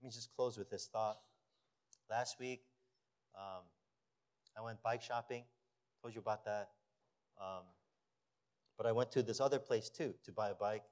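A man preaching a sermon as pastor of his church, animated, rising to emphatic peaks and dropping to a low storytelling voice. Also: unhurried, long pauses.

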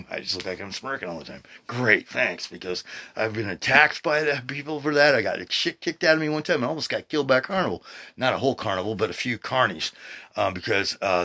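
Husky sixty-year-old man, rambling freely. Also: lowish voice, brisk. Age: 60s. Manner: excitable, swears freely, trails off and restarts. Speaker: podcast host. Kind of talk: rambling casual monologue. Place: at home, seated.

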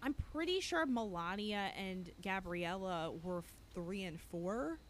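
A woman co-host talking in loose, casual chat. She is blunt and opinionated, firing off quick emphatic bursts. Her voice sits mid-range, with faint steady noise underneath. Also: medium pitch. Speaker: podcast co-host. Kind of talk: casual chat recapping a reality show.

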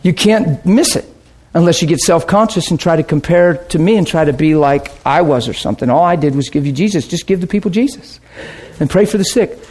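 High-voiced excitable male preacher. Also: a little fast, breathy edge. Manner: excitable, swings from shouting to hushed. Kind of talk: sermon storytelling.

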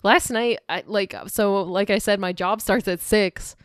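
A woman's voice: mid-range voice, steady tone, unhurried, no echo, studio quality. A young woman co-hosting a casual chat, laughing often and swearing freely. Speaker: co-host.

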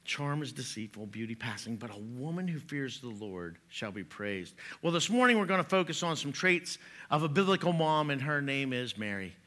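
A man's voice: medium pitch, very animated, normal speed, pushed and bright. A middle-aged man preaching a sermon, chatty and joking, laughing at his own jokes before turning to scripture. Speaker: pastor.

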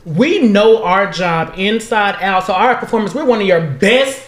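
A woman's voice: mid-range voice, animated, unhurried, echoey room. A woman co-hosting a podcast in casual chat, blunt, profane and emphatic. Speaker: podcast co-host.

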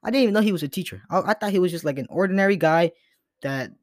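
A man's voice: high voice, expressive, rapid-fire, dry recording, clean studio sound. A young man hosting his own podcast, talking in a rambling, earnest way with lots of restarts, his voice sometimes breaking with emotion. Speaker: podcast host. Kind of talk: casual solo podcast monologue.

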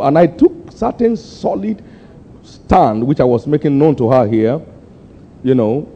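An older man preaching a sermon, pushing his people for answers and climbing to sudden high, emphatic peaks. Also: sing-song, unhurried, warm tone. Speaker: pastor. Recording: muffled lo-fi sermon recording.

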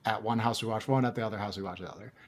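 A man with a Wisconsin accent talking casually on a gaming podcast, animated and quick to laugh, with plenty of fillers. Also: lowish voice, slight background noise. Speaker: podcast host. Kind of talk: casual chat.

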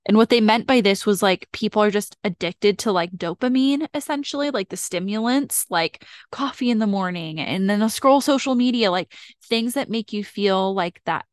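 A woman in the middle of her pitch range talks through a solo self-help podcast. Her delivery is casual and direct, full of "like" fillers, and her voice sits close and dry with no room sound. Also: dry recording. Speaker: podcast host.

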